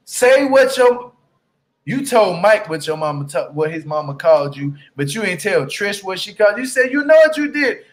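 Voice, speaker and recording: A man's voice: high voice, expressive. A man giving a blunt, profane rant in casual commentary as he recaps a reality TV episode. He drags out words for emphasis and keeps asking the listener "you hear me?". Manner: drawn-out emphatic phrasing. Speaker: TV reality show recap YouTuber.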